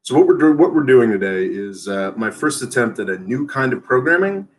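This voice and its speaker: Halting man hosting a live news brief. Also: mid-range voice, big pitch swings. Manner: halting, many fillers and restarts. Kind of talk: casual unscripted live commentary.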